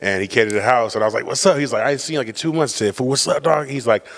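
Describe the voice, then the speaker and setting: A man rattles off a story in rapid street slang on a podcast, acting out his father's lines. His mid-pitched voice carries a long reverb from the room. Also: a bit bright. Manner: rapid slangy banter, acts out his dad. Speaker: podcast co-host. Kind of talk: casual storytelling chat.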